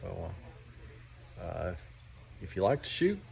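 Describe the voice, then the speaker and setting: A middle-aged man from West Virginia chats with his vlog viewers in a folksy, joking style, sprinkling in plenty of fillers. His voice is deep, creaky and darkish in tone, with an unhurried, sing-song delivery.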